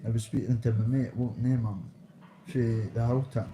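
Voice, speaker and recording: A man's voice: medium pitch, steady tone, moderate pace, warm tone, rough recording. Rambling Scottish man from Dundee. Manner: streetwise slang, swearing, rambling. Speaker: vlogger. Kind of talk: casual rambling storytelling.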